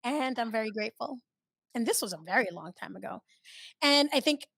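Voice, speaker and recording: A woman's voice: on the high side, animated, brisk, vocal fry, a bit bright, no echo, clean studio sound. A woman hosting a casual podcast, joking and reacting playfully. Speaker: podcast host.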